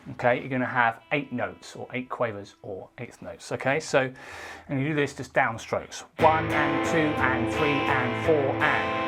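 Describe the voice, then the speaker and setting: A man of middle pitch gives a laid-back guitar lesson. He counts beats aloud as he strums. A faint guitar sounds behind his voice. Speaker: guitar teacher.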